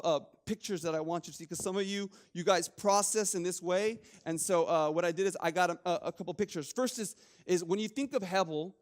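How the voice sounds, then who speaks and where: A young man preaching a casual sermon, joking with the congregation and restarting his sentences often. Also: sits high. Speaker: pastor.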